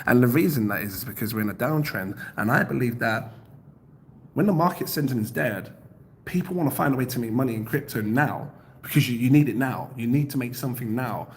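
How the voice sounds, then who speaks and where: A man's voice: fairly quick, a little hiss or hum. A young man hosting a crypto livestream, chatting casually, reading out viewer comments and laughing often. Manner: animated, jumps up in pitch when excited.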